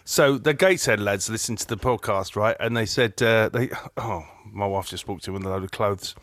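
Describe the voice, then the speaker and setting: A man's voice: lowish voice, moderate pace, fairly bright tone, dry recording, clean studio sound. A man co-hosting a podcast, chatting about football in a playful, joking way with lots of restarts. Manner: playful, jokey, stumbling restarts. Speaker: podcast co-host. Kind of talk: casual football chat.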